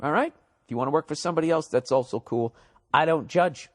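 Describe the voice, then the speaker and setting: A man's voice: fairly high pitch, racing. A man hosting a comedy podcast, rambling profanely and mocking listener emails, his voice a little cracked. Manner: profane, sarcastic, reads listener emails aloud. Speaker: podcast host.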